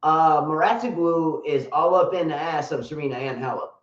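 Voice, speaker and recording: A man's voice: on the high side, normal speed, echoey room, dull audio. A man co-hosting a tennis show in casual live-stream chat, joking and teasing, with repeated punchlines. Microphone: computer mic on a live stream.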